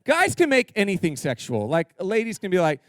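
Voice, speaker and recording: A male pastor delivers an energetic, joking sermon and pushes his congregation to answer back. His voice sits a bit high and comes through smooth and resonant. The sound is dry and close. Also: a little fast, no echo. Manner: energetic, humorous, calls for audience response. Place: church sanctuary.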